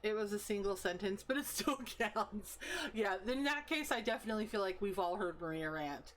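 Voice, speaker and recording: A talkative woman in her thirties streams live, rambling, cursing casually and laughing as she replies to chat. Her voice sits at an ordinary middle pitch. A faint hiss of background noise runs under it. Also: expressive, moderate pace. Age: 30s. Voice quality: profane, rambling, laughs often.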